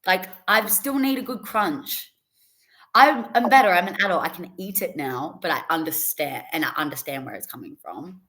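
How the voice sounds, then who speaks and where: Low-voiced young woman telling stories. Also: fairly bright tone. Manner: chatty storytelling, laughs often. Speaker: podcast guest. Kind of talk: casual interview chat.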